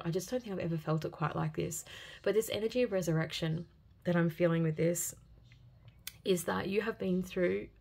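A woman giving an intuitive tarot reading for viewers, speaking in an earnest, gentle and heartfelt way and often repeating phrases. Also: fairly low pitch, gravelly. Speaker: tarot reader.

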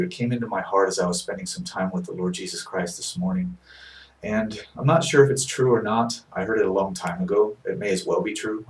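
A male minister telling a sermon story in a soft-spoken, unhurried way, with hesitant restarts. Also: fairly low pitch, far from the mic, rough recording. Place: office.

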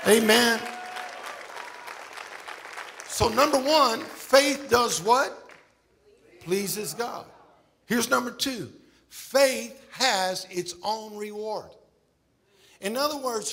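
A middle-aged male pastor preaching a sermon in a church, emphatic with shouts and exclamations. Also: sits high, takes it slowly, vocal fry, long pauses, some chatter behind. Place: church sanctuary.

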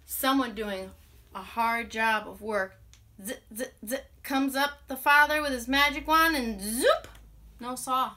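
A woman music teacher telling a children's story aloud, animated and expressive, with playful sound effects. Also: fairly high pitch, measured pace. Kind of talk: storytelling to children with ukulele song.

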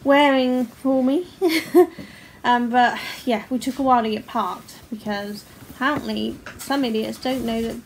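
A woman in her forties chats about her crochet to camera indoors at home, using a higher voice with fairly even intonation and a measured pace. Slight background noise sits under her casual talk, which is full of laughter and swearing.

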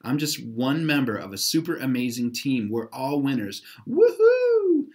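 A man's voice: mid-range voice, wildly swooping pitch, unhurried, darkish tone, voice pushed up. A man voicing a perky, bubbly teenage girl from a children's storybook, cheering for her friends. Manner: bubbly, squealing.

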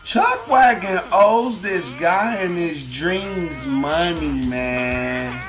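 A man voicing a relaxed, easygoing guy in a comedy cartoon, with a slow slangy drawl. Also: a little high. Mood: laid-back. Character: laid-back easygoing cartoon fan guy. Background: background music.

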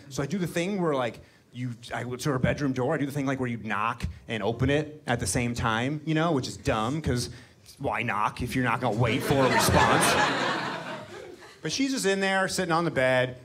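Male stand-up comic, mid pitch, animated storyteller who spikes loud and high on punchlines, live club mic. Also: normal speed. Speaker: stand-up comedian. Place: comedy club stage before a live audience.

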